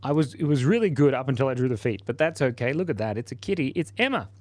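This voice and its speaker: A man's voice: mid-range voice, animated, racing, darkish tone, no room sound. A man hosting a casual live stream, chatting playfully and laughing while he draws and reads out viewer comments. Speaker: livestream host.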